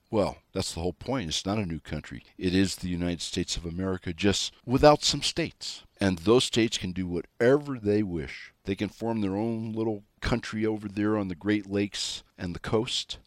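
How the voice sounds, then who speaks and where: Low-voiced emphatic male commentator. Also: dry recording, clean studio sound. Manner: emphatic, scornful, rhetorical questions. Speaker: political commentator. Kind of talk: opinion monologue.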